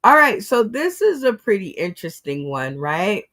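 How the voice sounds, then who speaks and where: A woman's voice: mid-range voice, sing-song, moderate pace, fairly bright tone. A woman hosting a casual commentary show, giving her opinions on the news and speaking straight to her audience. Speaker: host.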